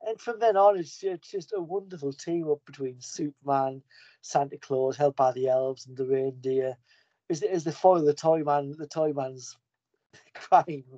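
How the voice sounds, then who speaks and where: Brief: enthusiastic male podcast host, mellow, rambling, dry lo-fi sound. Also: on the high side, fairly even intonation, a little slow, no echo. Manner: enthusiastic, rambling, with frequent restarts. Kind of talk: casual comic book recap. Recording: dull lo-fi podcast audio.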